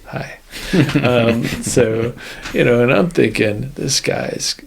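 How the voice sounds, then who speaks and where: A man with a gravelly voice at a middle pitch, a former Air Force officer, talks through a story as a podcast guest. He rambles, doubles back and fills the gaps with "you know" and "um". A faint hiss sits under his voice. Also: slow. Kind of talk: casual interview storytelling.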